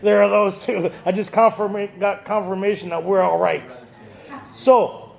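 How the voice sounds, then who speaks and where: Group-study speaker, man, high gravelly voice, quizzing and joking with the room. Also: steady tone, normal speed. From Canada. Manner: quizzes the audience, joking and laughing. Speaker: AA speaker leading a Big Book study. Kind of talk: lively talk to a recovery group. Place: meeting room with audience.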